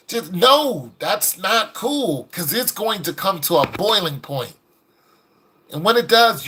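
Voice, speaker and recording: A man giving casual, preachy commentary, acting out the people in the stories he tells. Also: high voice. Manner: animated, preachy, acts out quoted people. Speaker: video commentator.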